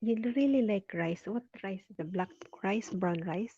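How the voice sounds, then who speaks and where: Slow, husky woman chatting on a live stream. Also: medium pitch, animated, dark tone. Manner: chatty, laughs often, reads viewer names aloud. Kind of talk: casual live stream chat reading comments. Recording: dull lo-fi sound.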